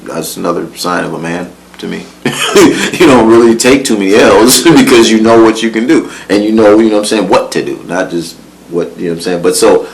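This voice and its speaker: A man's voice: lowish voice, fairly quick, creaky, rough recording. A man telling a life story in casual, profane slang, often laughing, repeating words and asking if you follow. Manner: profane, slangy, keeps asking "you know what I'm saying".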